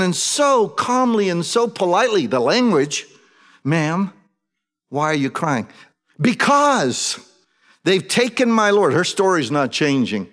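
Man preaching, slightly high voice, long hall reverb, storytelling style. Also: a bit bright. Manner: conversational storytelling, acting out quoted voices. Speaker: pastor. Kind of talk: sermon.

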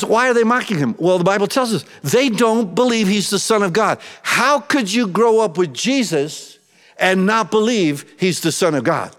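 A man preaching a sermon in a conversational way, acting out the voices he quotes and swinging from soft to loud. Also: sits high. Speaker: pastor. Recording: long hall reverb.

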